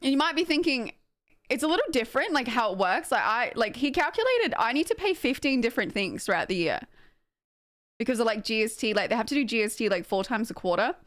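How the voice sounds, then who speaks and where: A woman's voice: fairly high pitch, fast talker, no room sound. A young woman with an Australian accent chatting casually to her stream, rambling and self-mocking with lots of filler words and easy laughter. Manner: animated, full of filler likes. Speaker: game streamer.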